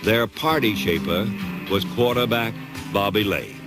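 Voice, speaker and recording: A man giving dramatic, measured scripted documentary narration. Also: lowish voice. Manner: dramatic, measured, emphatic delivery. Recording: narration over loud music score.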